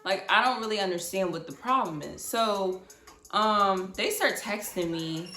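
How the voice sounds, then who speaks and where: A young woman in her twenties telling a casual storytime, animated and blunt, swearing freely. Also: medium pitch, measured pace, echoey room. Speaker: vlogger.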